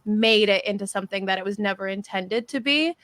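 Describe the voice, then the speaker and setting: Animated, bright-voiced woman teacher. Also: mid-range voice, fairly quick. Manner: animated, emphatic, jokey. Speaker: theater teacher. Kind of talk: casual panel discussion.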